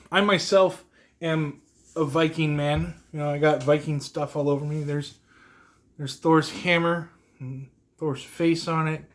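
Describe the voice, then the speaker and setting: A young man talks through a casual solo podcast, emotional and rambling, laughing at himself as he goes. His voice sits a bit high for a man. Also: fairly even intonation, takes it slowly, pauses often. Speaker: podcast host.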